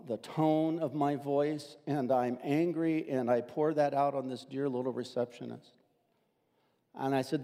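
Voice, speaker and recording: A man's voice: mid-range voice, long reverb tail. Older male pastor telling a sermon story. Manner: animated storyteller, acting out quoted voices.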